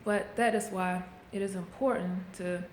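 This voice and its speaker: A woman's voice: medium pitch, steady tone, measured pace, a little hiss or hum. A middle-aged woman talking candidly into a handheld camera, coaching viewers in a casual motivational vlog. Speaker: vlogger. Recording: echoey room, faint background ambience.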